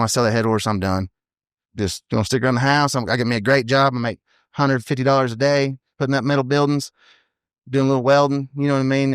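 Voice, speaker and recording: A man in his thirties, a professional team roper, telling stories in a casual, animated podcast interview and often tacking on "you know what I mean". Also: medium pitch, smooth, no room sound, studio quality.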